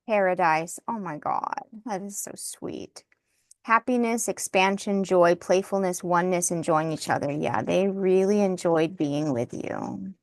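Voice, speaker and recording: A woman giving an intuitive tarot reading, soft-spoken and emotional, thinking aloud as she turns the cards. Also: lowish voice, unhurried, no room sound. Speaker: tarot reader.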